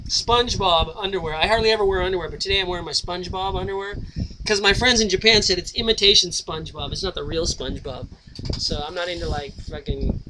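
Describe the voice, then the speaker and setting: A man's voice: fairly high pitch, background noise. A man talking straight to camera at home in a rambling, profane, topic-hopping monologue. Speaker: vlogger. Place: at home, indoors.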